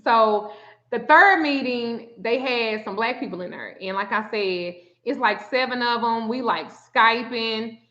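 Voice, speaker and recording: Bright-voiced, animated woman telling a story. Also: fairly high pitch, measured pace. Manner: animated, profane, acts out quotes. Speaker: spiritual reader and vlogger. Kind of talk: casual storytelling chat. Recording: muffled lo-fi sound.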